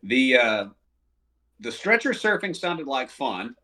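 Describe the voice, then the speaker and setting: A paramedic guest chatting in an easygoing, wry way during a podcast conversation. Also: male voice, mid-range voice, big pitch swings, slow pace, sharp tone, recorded from a distance. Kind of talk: casual chat.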